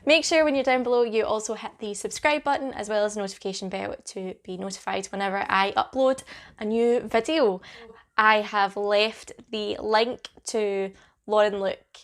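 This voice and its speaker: A woman's voice: medium pitch, steady tone, moderate pace. Chatty young Scottish woman vlogging. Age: young adult. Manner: chatty, with many ums. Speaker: beauty vlogger. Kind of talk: casual to-camera chat.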